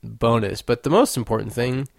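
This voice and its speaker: Clean studio audio with no room sound captures a young podcast host's creaky, mid-range voice at normal speed. His casual monologue is playful, joking, and rambling.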